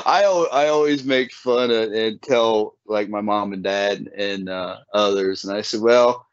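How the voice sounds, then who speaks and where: A man telling a folksy story in casual chat, his voice leaping high whenever he quotes people. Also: steady tone, unhurried, hardly any pauses, clear, resonant tone, no room sound. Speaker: podcast guest. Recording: dull lo-fi sound.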